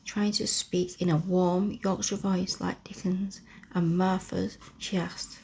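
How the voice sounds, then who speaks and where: A woman reads a bedtime story in a breathy, husky whisper as whispered role-play. Her voice sits low and carries a gravelly fry, and she unhurriedly lingers over every phrase close to the mic. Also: fairly even intonation. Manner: slow soft whispered reading. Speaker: ASMR storyteller.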